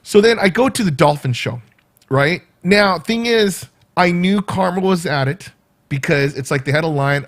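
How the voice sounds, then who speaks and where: A man's voice: a little high, normal speed. Man telling a rambling story. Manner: rambling, animated retelling with quoted asides. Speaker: vlogger. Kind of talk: casual storytelling vlog.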